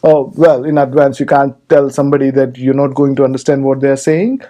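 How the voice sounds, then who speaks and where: A man from India hosts a relaxed podcast conversation. His voice is mellow and sits at a middling pitch. He keeps asking questions and laughs often. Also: a little fast. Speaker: podcast host. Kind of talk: casual conversation.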